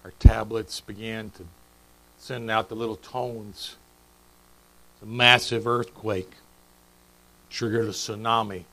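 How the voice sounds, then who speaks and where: A man's voice: on the low side, steady tone, slow pace, pauses often, sharp tone, rough recording. A middle-aged man preaching a sermon in a church, chatty and joking, quizzing the congregation. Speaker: pastor. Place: church sanctuary.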